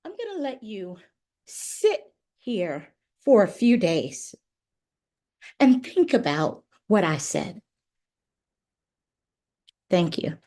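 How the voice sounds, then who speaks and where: A woman performing a monologue over a video call as a betrayed, bitter wife accusing her unfaithful husband, her delivery raw and swinging between quiet and shouting. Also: medium pitch, very animated, drawn-out words, pauses often, full character voice. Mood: grieving, vengeful. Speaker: acting student performing a monologue. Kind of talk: dramatic film monologue performance. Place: home via video call. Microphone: video call microphone.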